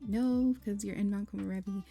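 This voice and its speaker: A woman's voice: medium pitch, fairly even intonation, fairly quick, gravelly, dark tone, faint music behind. A woman voicing a giddy, flustered young woman character in a life-simulation game, talking in a rambling, self-conscious way.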